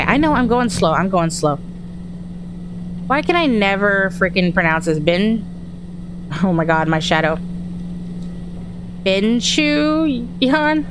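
A woman's voice: lowish voice, noisy background. A woman from Texas, chatting through a horror game as she plays, thinking aloud and startling easily. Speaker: gaming streamer. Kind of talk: horror game let's-play commentary.

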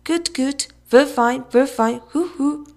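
A woman voicing an excitable boy who hoots and taunts in a shrill voice while playing crazy. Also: slow pace. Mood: giddy. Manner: shrill, hooting, giddy.

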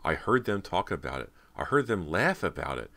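A man's voice: fairly quick, fairly bright tone. A man voicing a terrified teenage girl who pleads with her sister in an audiobook. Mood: pleading. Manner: pleading, breathless and shrill. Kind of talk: audiobook character voice.

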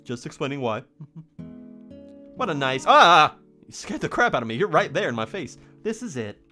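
Chatty young man with lively pitch. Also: a little fast, faint music behind. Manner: chatty, rambling, playful reactions. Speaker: let's play host. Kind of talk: casual let's play commentary.

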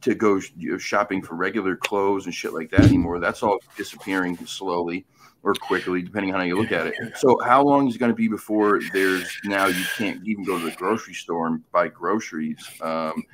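A man's voice: low-pitched, fairly quick, very noisy. A man hosting a casual chat, easygoing, chiming in and agreeing with his guest. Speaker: host.

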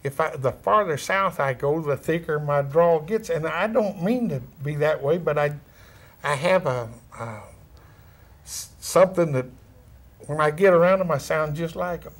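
A middle-aged man with a thick West Texas drawl, talking as an interview guest. He chats in a relaxed, folksy way, drops down-home words and chuckles now and then. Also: fairly high pitch, moderate pace. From California. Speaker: actor and former rodeo cowboy, interview guest.

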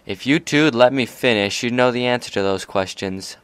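A man reading aloud and voicing a gruff, boisterous male pony bartender. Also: medium pitch, normal speed, a bit bright, no echo, lightly acted. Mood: storytelling.

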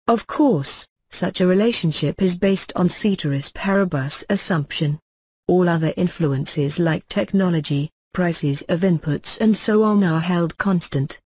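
Husky man reading lecture notes. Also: high-pitched, a little mellow, no room sound. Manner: measured, formal textbook delivery.

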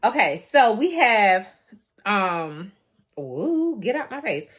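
A young woman chatting to her viewers in a casual vlog, animated and laughing often, recorded on a phone. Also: mid-range voice, slow, slightly rough, dry recording, studio quality. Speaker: beauty vlogger. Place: in a car, then outdoors at night in the cold.

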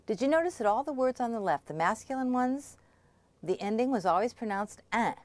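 A woman's voice: a little high, expressive, fairly quick, darkish tone, dry recording. Patient woman teaching pronunciation. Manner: patient, clear explaining with frequent check-ins. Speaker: language instructor. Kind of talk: scripted pronunciation lesson.

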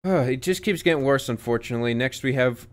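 A young man streaming casual music reaction commentary, profane and incredulous, often breaking into loud outbursts. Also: medium pitch, quick pace. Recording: song playing faintly behind.

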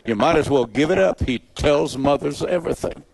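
This evangelist's sermon testimony comes in a gravelly mid-range voice at normal speed, recorded close and dry with no room sound. He tells it dramatically, climbing to loud, high emphasis before sinking into quiet, low asides.

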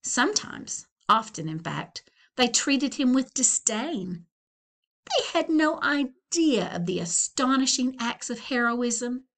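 A woman librarian reading a children's book aloud with expressive, unhurried storytelling. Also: a little high. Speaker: school librarian.

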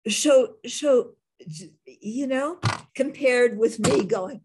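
Woman teacher from the United States, unhurried, slightly husky, restarts her sentences as she thinks. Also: a little high, darkish tone. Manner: thoughtful, halting, with many restarts. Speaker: Buddhist nun teacher. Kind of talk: Q&A talk telling a story.

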